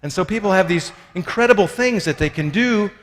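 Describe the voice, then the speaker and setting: A man's voice: high-pitched, expressive, fairly quick, a bit bright, slight background noise. A man giving a conversational teaching talk on spiritual life, joking at his own expense and acting out the voices of people he quotes. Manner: conversational, acts out quoted voices, self-deprecating jokes. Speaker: speaker on spiritual formation. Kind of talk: lively teaching talk with humor. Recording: long reverb of a large hall.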